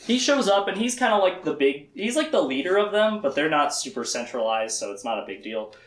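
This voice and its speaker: A lively man with a fairly high voice gives a casual, comedic book lecture to a small audience, jumping into quick impressions of the characters. His pitch swings widely. The room is echoey. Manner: animated, acts out characters' lines with quick voice shifts.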